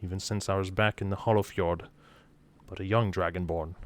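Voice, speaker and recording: A man playing a formal, low-voiced dragonborn scholar. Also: steady tone, natural voice. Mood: calm. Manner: formal, measured. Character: reserved male dragonborn scholar.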